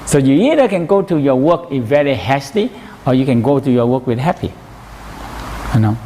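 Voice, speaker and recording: Brief: male instructor, broken English, mid pitch, faint noise behind. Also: animated, moderate pace, dark tone. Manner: broken English, repeats phrases, asks "you know?". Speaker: teacher. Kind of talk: teaching a massage workshop.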